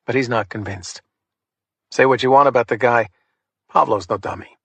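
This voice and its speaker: Steady male crime-thriller narrator. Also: mid-range voice, moderate pace, husky, no room sound. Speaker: audiobook narrator.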